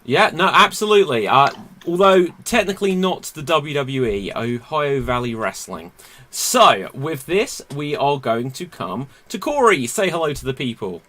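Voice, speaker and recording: Bright-voiced playful comedy host. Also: male voice, a little high, sing-song. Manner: playful, quick to laugh. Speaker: game show host. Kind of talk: upbeat comedy show hosting.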